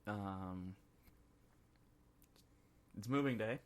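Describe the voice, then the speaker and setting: A man's voice: lowish voice, very slow. A man co-hosting a podcast, chatting casually about a film and acting out scenes as he retells them. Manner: rambling, acts out scenes in quoted voices. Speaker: podcast co-host. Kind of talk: casual movie review chat.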